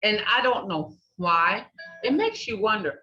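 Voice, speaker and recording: An older woman teaching a language class, repeating words slowly and checking in with "okay?". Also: medium pitch, lively intonation, pushed and bright, soft background music. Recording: echoey, distant, dull room recording.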